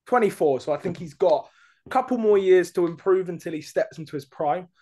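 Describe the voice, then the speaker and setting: A man co-hosting a sports podcast, talking casually and hesitantly with many pauses and fillers. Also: sits high, warm tone. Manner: hesitant, lots of ums, thinks aloud. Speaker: podcast co-host.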